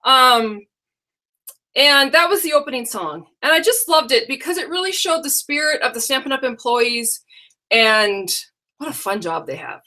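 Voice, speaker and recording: A woman's voice: sits high, lively intonation, moderate pace, bright, forceful tone. A middle-aged woman hosting a live stream on her computer, talking in a chatty, rambling way and often correcting herself. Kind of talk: casual live-stream chat. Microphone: computer microphone.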